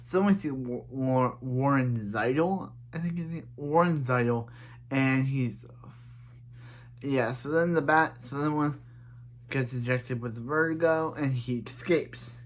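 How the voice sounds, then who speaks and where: A man talks through a TV episode in a loose, rambling recap, restarting his sentences and leaning on filler words. His voice sits at an ordinary middle pitch for a man. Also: measured pace. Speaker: TV episode reviewer.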